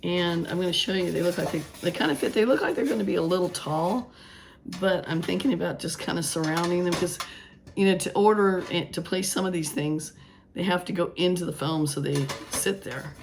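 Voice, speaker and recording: A woman with a hoarse voice, rambling casually as she works on a craft project and later preaching earnestly. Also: fairly low pitch, brisk, background noise. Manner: rambling, thinking aloud with restarts; earnest preaching about faith. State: hoarse, voice still gone after illness. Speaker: craft vlogger. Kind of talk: casual craft vlog talk.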